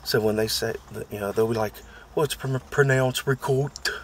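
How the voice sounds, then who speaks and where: A man's voice: fairly low pitch, fairly even intonation, fairly quick, a little hiss or hum. Rambling, complaining American man. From United States. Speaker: vlogger. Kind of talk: casual chat.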